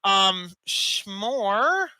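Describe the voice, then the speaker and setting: A game master running a tabletop game with a very bright voice that swoops up and down a lot. Hesitant, with many ums, and often breaking into a laugh, recorded dry and close. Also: mid-range voice, very animated, extremely slow, smooth, dry recording, low-quality recording.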